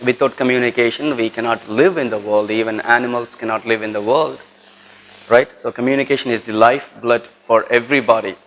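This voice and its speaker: Indian-accented male lecturer, mid-pitched, teaches a class and checks in with a steady "right?". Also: fairly quick, low-quality recording. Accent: Indian English. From Tirunelveli, South India. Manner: tags nearly every sentence with a checking "right?". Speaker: college lecturer.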